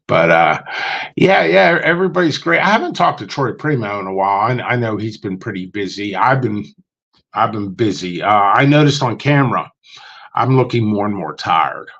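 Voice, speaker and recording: A man's voice: on the low side, expressive, normal speed, vocal fry, fairly bright tone, muffled recording. A man telling stories in a casual livestream chat, rambling with lots of ums and restarts and putting on voices when he quotes people. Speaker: guest on a livestream chat show.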